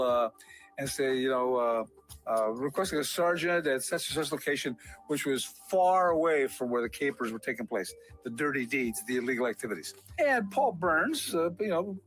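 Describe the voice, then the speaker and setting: A man's voice: fairly high pitch, rough recording. Older man telling a story. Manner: animated retelling, acts out quotes, frequent fillers. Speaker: civilian member of a police disciplinary board. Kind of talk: storytelling interview.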